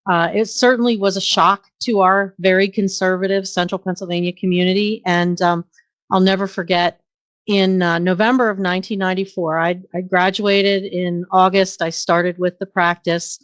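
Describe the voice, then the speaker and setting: Her mid-range voice stays steady and moves at a normal speed, with no echo in the audio. She's a middle-aged nurse practitioner guesting in an interview, sharing earnest career stories sprinkled with ums and uhs.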